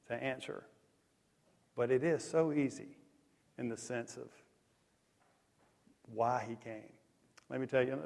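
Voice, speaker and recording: A man preaching a sermon, telling stories in a lively, conversational way. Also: mid-range voice. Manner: animated, conversational storytelling with lively swings in loudness. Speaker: pastor. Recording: long echo of a large hall.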